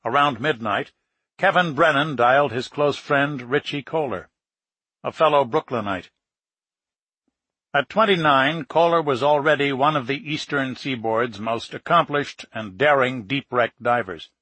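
A man reading a nonfiction book aloud in a steady, measured narration. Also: mid-range voice, dry recording. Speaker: audiobook narrator. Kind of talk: scripted narration.

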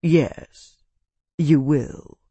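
A narrator voicing a world-weary male high lord who speaks in a measured, dry, unhurried way, a little lower than the narration. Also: fairly even intonation, warm tone, husky, no echo, lo-fi sound. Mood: cool.

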